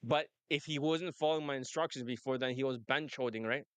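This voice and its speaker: A man's voice: mid-range voice, a little fast, clean tone, no echo. A man coaching on dating, talking brashly and laughing often in casual chat. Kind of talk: casual monologue and phone call.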